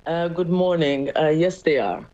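A woman's voice: low voice, unhurried, mellow, muffled recording. A woman, a media managing director, answering interview questions hesitantly with many fillers and short replies.

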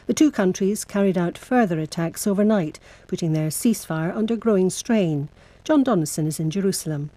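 Woman newsreader, formal and measured, low-ish mellow voice, dry studio sound. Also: no room sound. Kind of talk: scripted news bulletin.

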